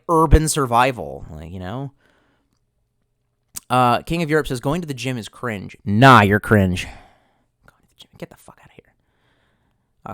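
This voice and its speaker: A man's voice: on the high side, fairly bright tone, dry recording, clean studio sound. A young man chatting casually on a livestream, rambling and sarcastic, cursing often and reading viewer messages aloud. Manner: rambling, profane, sarcastic, reads chat aloud. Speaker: streamer.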